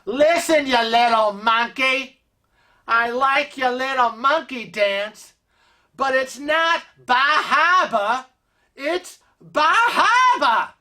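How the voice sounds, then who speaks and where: A snippy cruise passenger woman played by a man with a New England accent scolds in a high, sharp voice. She stretches out her correction slowly and bluntly. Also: animated, heavily acted. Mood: scolding.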